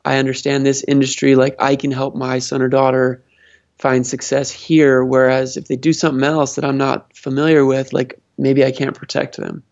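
A man speaks reflectively about family businesses, often pausing and restarting his sentences. His voice sits at a middle pitch. The recording is dull and slightly lo-fi. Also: flat delivery, gravelly, a little mellow. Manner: thoughtful, with many fillers and restarts. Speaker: guest advising family businesses. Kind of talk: conversational interview answers. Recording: dull lo-fi sound.

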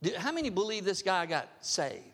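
Man, pastor, sermon, emphatic, asks the room questions, high voice, long church reverb. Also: big pitch swings, a little fast, fairly bright tone. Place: church sanctuary.

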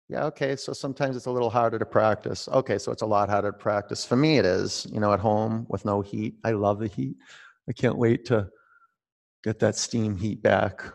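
A man guiding a yoga class at home, talking in a relaxed, conversational way and drawing out his cues. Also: fairly low pitch, normal speed, vocal fry, long reverb tail. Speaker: yoga teacher. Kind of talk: guided yoga class instruction.

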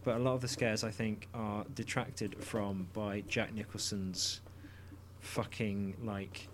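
A man co-hosting a podcast, rambling through animated opinions in casual chat. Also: lowish voice, slow, noisy background. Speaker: podcast co-host.

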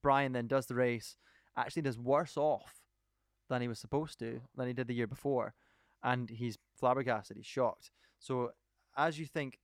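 Podcast guy rambling thru a story he's excited about, smooth clear voice, dead dry sound. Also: mid-range voice, dry recording. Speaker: podcast co-host. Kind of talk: casual chat, retelling a documentary.

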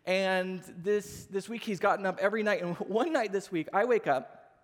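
A man in his thirties, a pastor, preaching a sermon with animated storytelling, acting out the voices of people in his stories. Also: sits high, moderate pace. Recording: long hall reverb.

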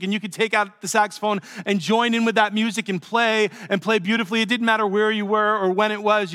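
A man preaching a sermon as pastor, telling a story in a lively, conversational way. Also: sits high, long reverb tail.

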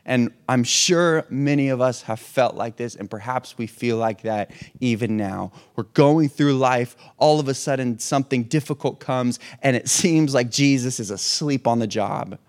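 A man's voice: mid-range voice, unhurried, hardly any pauses, darkish tone. A man preaching a sermon in a conversational way, asking rhetorical questions and restarting his phrases. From hurricane-prone region. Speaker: pastor.

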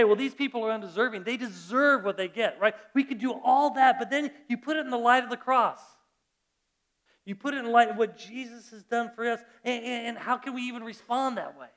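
A man preaches a sermon with a high, bright-sitting voice. He tells the story with energy and often doubles back on his words, repeating "and, and" as he builds his point. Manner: animated storytelling with repeated restarts. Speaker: pastor.

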